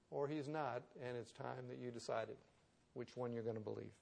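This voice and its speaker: Gravelly-voiced male pastor preaching. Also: medium pitch, fairly even intonation, moderate pace, darkish tone. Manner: conversational storytelling that builds to emphatic preaching. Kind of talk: sermon.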